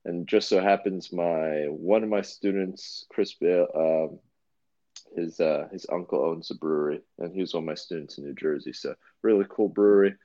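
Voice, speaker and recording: A man's voice: deep voice, moderate pace, warm tone, lo-fi sound. A man co-hosting a podcast in casual chat, rambling and laid-back with lots of fillers and restarts. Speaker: podcast co-host.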